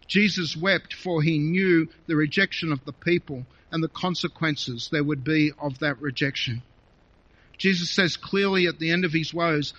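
A man preaching a sermon, reading scripture aloud with feeling and expressive emphasis. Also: on the high side, moderate pace, no room sound. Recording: dull lo-fi recording.

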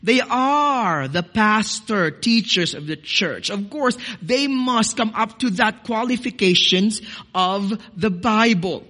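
A man's voice: high voice, expressive, slow, sharp tone. A man, a pastor, preaching a sermon to his congregation. He cites scripture, repeats words, and stresses key phrases. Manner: addresses congregation as "dearly beloved".

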